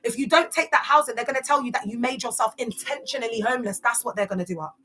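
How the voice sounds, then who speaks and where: A woman's voice: fairly high pitch, quick pace, pushed and bright. A young woman from West London with a London accent, giving casual vlog commentary in emphatic street slang full of rhetorical questions. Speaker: commentator on church cults.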